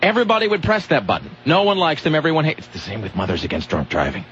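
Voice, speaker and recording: A man's voice: a little high, sing-song, very fast, a bit bright, muffled recording, a little hiss or hum. A man hosting a comedic talk radio show, rambling and sarcastic, often cutting himself off mid-sentence. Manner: sarcastic, rambling, self-interrupting.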